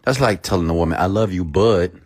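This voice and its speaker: Here a motivational speaker in his thirties talks fairly quickly in a low-sitting voice. He recounts something from his own life with animation, performing the parts of both people in the story.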